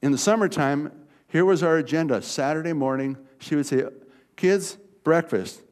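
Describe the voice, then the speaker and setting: In his sixties and from California, this man preaches a sermon in a slightly high, somewhat mellow voice at a fairly quick clip. He tells a childhood story conversationally and addresses the congregation directly.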